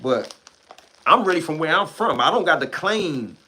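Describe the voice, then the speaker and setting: Pitched fairly high with big swings up and down, this man's voice has a sharp tone and moves at normal speed, with a little hiss or hum in the audio. He's a livestream host from Washington, D.C., with a D.C. accent, ranting at his chat in blunt, heated, profane street talk.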